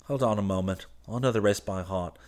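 A man's voice: fairly low pitch, brisk, darkish tone, lightly acted. A man voicing a scornful, exasperated young male art student scolding his friend. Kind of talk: audiobook character reading.

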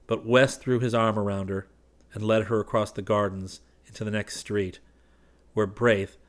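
A man narrating a story in a steady, measured reading. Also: on the low side. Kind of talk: audiobook narration.

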